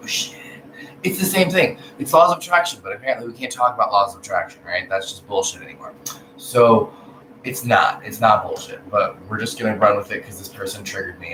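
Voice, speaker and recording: A man giving a casual, profane spiritual rant, blunt and animated, swinging between loud outbursts and low mutters. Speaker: vlogger. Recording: echoey room with background noise.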